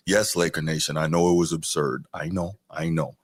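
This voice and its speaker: A man's voice: a bass voice, normal speed, few pauses, slightly rough. A podcast host talking casually to his chat, reacting to a clip and getting worked up and exasperated as he argues his point. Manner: animated and exasperated, voice rising sharply when ranting.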